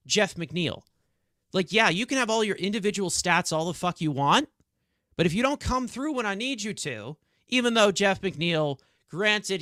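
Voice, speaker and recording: In this heated sports reaction talk, a New York–accented man co-hosting a podcast rants and swears out of frustration. His voice leans high and a bit bright, captured with no echo and clean studio sound.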